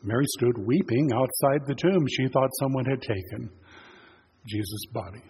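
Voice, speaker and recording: A man preaching in a church sanctuary, telling the story in an easygoing, conversational way. His voice sits at an ordinary middle pitch. It carries a long reverb from the hall, with a faint hiss of noise underneath. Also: normal speed, a little mellow. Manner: conversational storytelling, retelling scripture in plain words. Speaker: pastor. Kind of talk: sermon.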